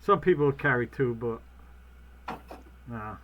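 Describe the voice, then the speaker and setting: A man co-hosting a casual podcast, loud and profane, breaking into jokey outbursts. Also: mid-range voice, animated, takes it slowly, highs cut off, slight background noise. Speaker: podcast co-host. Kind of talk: casual banter.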